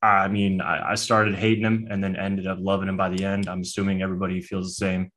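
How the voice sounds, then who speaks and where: A man's voice: sits low, flat delivery, fast, a bit bright. A man co-hosting a podcast, talking in a laid-back, chatty way with lots of casual filler. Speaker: podcast co-host. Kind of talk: casual chat.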